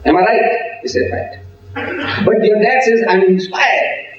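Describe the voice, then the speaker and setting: A man's voice: sits high, unhurried. A man giving a public religious lecture, telling stories, acting out dialogue and asking the audience rhetorical questions. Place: civic centre hall. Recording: echoey hall from far off, dull lo-fi sound.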